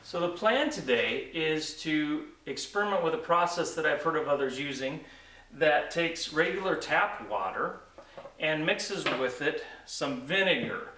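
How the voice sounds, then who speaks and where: A man hosting his own hobby channel, talking through a restoration project in a relaxed, hesitant way with many ums and uhs, recorded in a home workshop. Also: fairly high pitch, a little slow, slight background noise, low-quality recording. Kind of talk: casual how-to narration.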